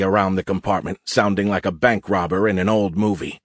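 A man narrates an audiobook in a steady, even storytelling voice. His pitch sits low. The recording is dry and close. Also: fairly quick, few pauses, no room sound. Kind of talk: scripted narration.

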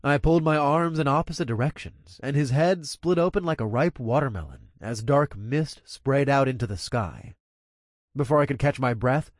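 Guy narrating an audiobook, super animated up n down delivery, dry close recording. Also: medium pitch, no echo. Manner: expressive, energetic storytelling.

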